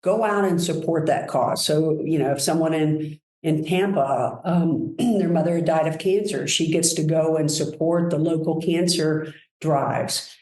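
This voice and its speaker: A woman's voice: sits low, a little slow, few pauses. Enthusiastic woman telling stories, echoey room. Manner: enthusiastic, animated storyteller. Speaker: guest, brand executive. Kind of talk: conversational storytelling.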